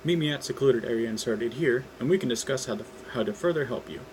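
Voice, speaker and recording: A man's voice: medium pitch, fast, darkish tone, slight background noise, close to an everyday voice, low-quality recording. A man reading a fan script aloud and voicing a friendly, upbeat male lawyer.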